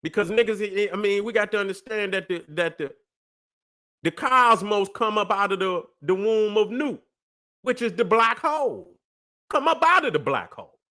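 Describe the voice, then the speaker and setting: A man's voice: high voice, bright, forceful tone. A man hosting a livestream, lecturing in a preachy way, profane and emphatic, always checking that listeners follow him. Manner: profane, emphatic, constantly asks "you see what I'm saying". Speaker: livestream host.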